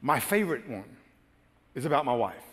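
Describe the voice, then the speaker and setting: A man pastor telling a funny personal story in a sermon, acting out his own frantic lines with bursts of shouting and laughter. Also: mid-range voice, very animated, moderate pace, in a large hall. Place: large church auditorium.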